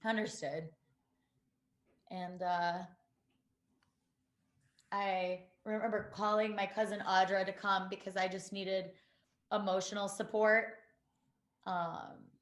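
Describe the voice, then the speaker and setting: A woman, a podcast guest, telling a painful personal story in a halting way, full of fillers and restarts. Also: mid-range voice, reverberant. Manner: halting, many fillers and restarts, quotes others.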